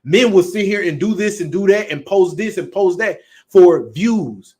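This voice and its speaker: A man's voice: sits high, animated, normal speed, a little mellow. A man with a Southern US accent preaching bluntly and emphatically, with frequent profanity. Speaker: street preacher. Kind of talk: preaching talk.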